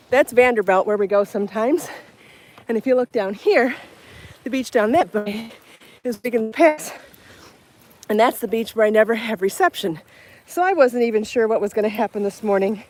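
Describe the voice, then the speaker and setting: A woman with a slightly high, darkish voice speaks at a moderate pace during a live stream for her podcast, walking her bike outdoors toward a beach. Holding her phone, she chats casually, apologizes, laughs often and sounds out of breath.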